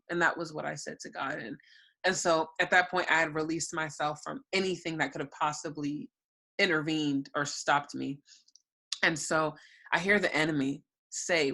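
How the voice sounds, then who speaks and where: A woman's voice: sits low, steady tone, moderate pace, pushed and bright. A young adult woman giving an earnest personal testimony as a guest, retelling her own prayers and thoughts.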